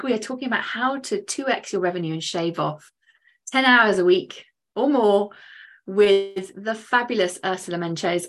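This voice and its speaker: A bubbly woman hosts a podcast over a video call. She sits at a middle pitch and speaks with lively enthusiasm, laughing easily between her lines. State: out of breath. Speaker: podcast host. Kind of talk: casual chat, then upbeat podcast intro.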